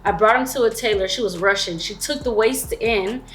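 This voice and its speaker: A woman's voice: medium pitch, fairly quick, fairly bright tone. A woman in her thirties telling her own story in a candid, chatty vlog, with slangy asides to the viewer. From Florida. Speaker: vlogger.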